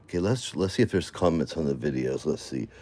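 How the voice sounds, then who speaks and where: A man vlogging casually, muttering to himself as he scrolls through comments, then breaking into loud rants. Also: rumbling low, animated, a little fast.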